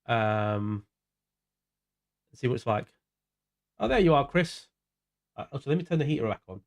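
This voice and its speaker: A man's voice: mid-range voice, animated, moderate pace. Chatty South London man streaming. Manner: chatty, greets viewers by name, drifts into mumbled asides. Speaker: sim racing streamer. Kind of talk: casual livestream chat while gaming.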